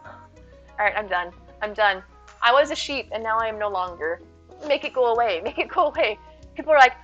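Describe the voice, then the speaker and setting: A woman's voice: on the high side, animated, brisk, fairly bright tone, dull audio, faint music behind. A woman streaming live and chatting with viewers, playful and silly, full of jokes and puns.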